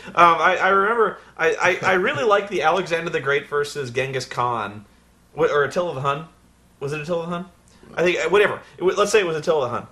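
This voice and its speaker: A man co-hosting a casual chat, rambling and excitable, swearing and laughing often. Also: a little high, fast. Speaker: co-host.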